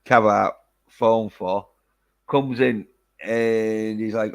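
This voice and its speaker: A man's voice: on the low side, steady tone, drawn-out words, gravelly. A man casually chatting through a film review, rambling with lots of fillers and casual swearing. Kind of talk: casual chat.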